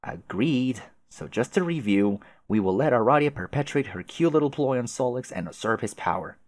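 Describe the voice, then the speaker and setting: A man's voice: medium pitch, lively intonation, normal speed, darkish tone, pitched above the performer's own voice, close to an everyday voice. A man voicing a haughty, sarcastic teenage girl troll who schemes and taunts. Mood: scheming. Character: snooty haughty female teen troll schemer.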